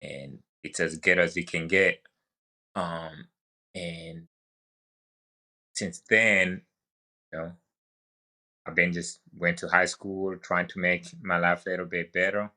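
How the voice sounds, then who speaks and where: Young man, African accent, low bright voice, relaxed halting storyteller. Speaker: guest, wildland firefighter. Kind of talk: casual podcast conversation.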